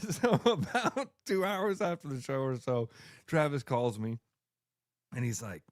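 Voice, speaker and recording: Animated laughing male radio co-host. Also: mid-range voice, a little slow, dry recording, clean studio sound. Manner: laughs often, tells stories animatedly. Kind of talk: casual sports radio banter.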